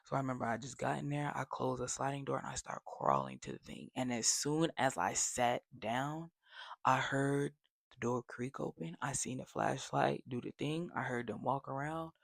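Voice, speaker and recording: A young adult man telling a casual storytime, animated and slangy, dropping to whispers for effect. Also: medium pitch, normal speed, vocal fry, dry recording. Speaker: vlogger.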